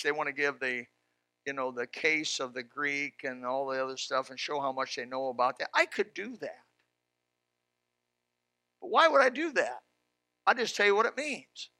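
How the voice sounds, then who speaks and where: A man preaching a sermon in a folksy, fervent way, dropping to a hush and then rising loud. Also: high voice, no room sound. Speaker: pastor.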